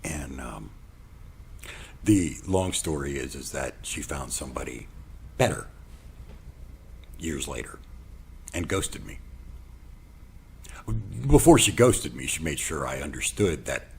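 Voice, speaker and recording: Very deep, gravelly male storyteller. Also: takes it slowly, long pauses. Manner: animated storyteller, acts out quotes, drops to a whisper. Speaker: podcast host. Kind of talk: personal storytelling monologue.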